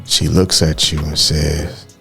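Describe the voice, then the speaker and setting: A man with a very deep, low voice speaks with earnest, heartfelt candor as a podcast co-host. He opens up about personal matters and keeps calling the listener "man". Soft music sits faintly in the background. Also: level tone, takes it slowly, gravelly. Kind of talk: candid personal talk.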